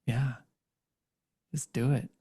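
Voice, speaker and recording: A man's voice: mid-range voice, flat delivery, slow pace, warm tone, slightly rough, no room sound, clean studio sound. A man hosting a faith podcast, affirming and reflecting on his guest's story in casual chat. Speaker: host.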